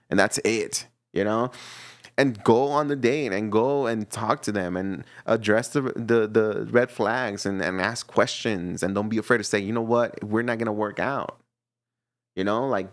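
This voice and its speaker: A man giving a casual tarot reading to camera, animated and teasing, often laughing and acting out little voices. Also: lowish voice, unhurried, no echo. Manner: teasing, playfully scolding. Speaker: tarot reader.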